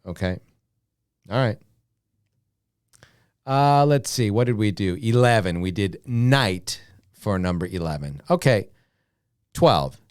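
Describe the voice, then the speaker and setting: An American man teaching beginner English, saying each word slowly and clearly, then repeating it. His pitch moves a lot as he models the words. The sound is smooth and dry, recorded close up. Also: no echo. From United States. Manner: drills words slowly, repeating each one with many "okay"s. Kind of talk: slow, repetitive beginner English lesson.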